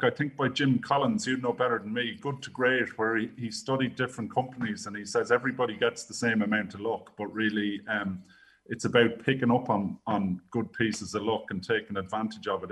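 A man's voice: medium pitch, fairly bright tone, far from the mic, rough recording. A man hosting an interview, asking questions hesitantly with fillers. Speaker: host.

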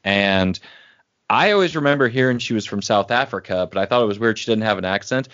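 A man's voice: fairly low pitch, expressive, a little fast, a bit bright, no echo. A man co-hosting a podcast, telling rambling stories with many fillers in casual chat. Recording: dry, dull lo-fi sound.

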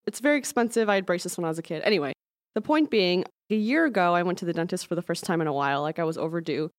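A woman co-hosting a podcast, telling stories in a playful, animated casual chat. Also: on the low side, very fast, no room sound, clean studio sound. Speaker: podcast co-host.

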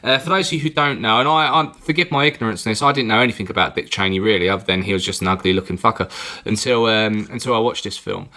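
A man's voice: on the low side, quick pace, pushed and bright. A man from England co-hosting a podcast, chatting casually and rambling through a film review, with the odd swear word. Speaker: podcast co-host.

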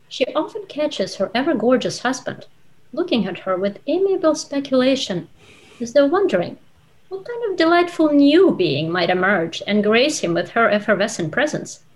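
A woman's voice: medium pitch, poor audio. Thoughtful woman author. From Russia. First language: Russian. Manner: thoughtful, measured, with frequent "uh" and "um". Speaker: author and guest. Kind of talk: conversational interview and reading aloud from her novel.

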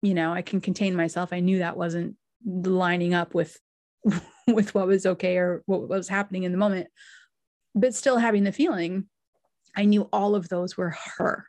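A woman podcast host and medium telling a personal story in a heartfelt, emotional way, with pauses and restarts. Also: lowish voice, fairly even intonation, a little mellow, dry recording.

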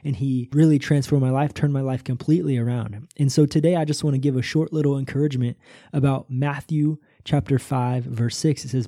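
A man's voice: mid-range voice, fairly even intonation, brisk, warm tone, dry recording, clean studio sound. A man preaching a short, impassioned sermon on a podcast. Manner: impassioned preaching, rising on cries.

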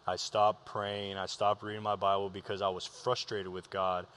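A man's voice: fairly low pitch, level tone, normal speed, a bit bright, clear, resonant tone. A young man, a pro ballplayer, talking candidly and earnestly about his faith with many restarts. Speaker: professional baseball player, guest.

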